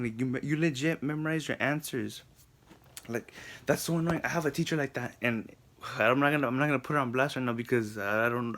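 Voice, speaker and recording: A young male student talking straight to the camera in an informal video response. His voice sits at an ordinary middle pitch, and he rants in a frustrated, animated way, piling up "like" and restarting his sentences. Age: young adult. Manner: animated, frustrated ranting with lots of "like". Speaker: psychology student. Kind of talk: casual ranting video response.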